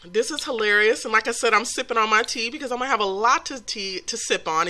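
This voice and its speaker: A woman's voice: medium pitch, sharp tone. A woman hosting a life-simulation game series, chatting about the story in a gossipy, giggly way with lots of fillers. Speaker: let's play host narrating a life-sim story. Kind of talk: casual gameplay commentary.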